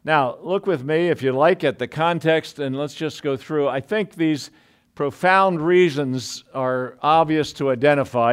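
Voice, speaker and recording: A man's voice: medium pitch, clear, resonant tone. A man preaching a sermon in a conversational way, full of asides and restarts.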